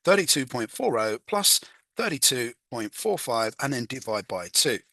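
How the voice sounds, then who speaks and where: A man's voice: medium pitch, very animated, moderate pace, bright, forceful tone, no echo. A man talking through an exam question as a chemistry tutor, chatty and self-mocking, humming while he works. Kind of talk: casual exam walkthrough.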